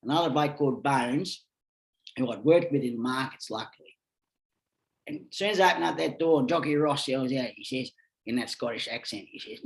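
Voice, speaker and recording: An Australian man of middling pitch, telling his stories in a casual, rambling way. He talks bluntly and swears without a second thought. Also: a little fast, creaky. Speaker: podcast guest. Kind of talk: casual storytelling.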